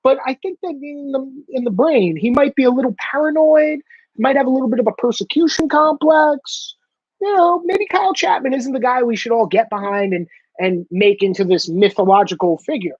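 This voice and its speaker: Sarcastic, profane man with husky voice. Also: extremely high pitch, lively intonation, brisk, dry recording. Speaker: online show host. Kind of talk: ranting monologue. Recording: dull lo-fi dry sound.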